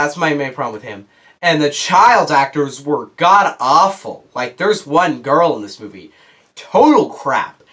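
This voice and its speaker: A young man with a somewhat high voice gives a casual review. He rambles bluntly and sounds frustrated, with restarts along the way. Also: sharp tone. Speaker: movie reviewer.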